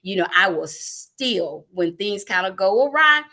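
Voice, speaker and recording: A middle-aged woman hosting a live online church talk show, telling stories in a lively, animated way. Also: medium pitch, a little slow. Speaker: ministry host.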